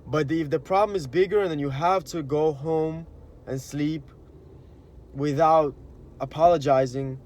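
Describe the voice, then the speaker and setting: A man's voice: on the high side, a little slow, a little mellow. A man giving a rambling, earnest spiritual monologue in casual slang, with plenty of "you know" and "like". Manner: rambling and earnest, acts out quoted inner voices. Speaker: spiritual vlogger.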